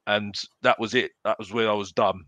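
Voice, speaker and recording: A man's voice: lowish voice, fairly even intonation, fairly quick, a bit bright, dry recording. A man chatting casually as a fan panelist, rambling with many restarts and repeated phrases.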